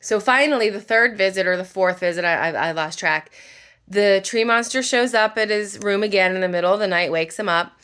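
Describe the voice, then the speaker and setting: A woman vlogger chats through a novel's story as she does her makeup. She talks quickly and loosely, packing her sentences with fillers and asides to the viewer. Her voice sits at an ordinary middle pitch. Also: a bit bright, smooth. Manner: chatty, fast, full of fillers like "like" and "you know". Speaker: book vlogger. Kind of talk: casual book retelling while doing makeup.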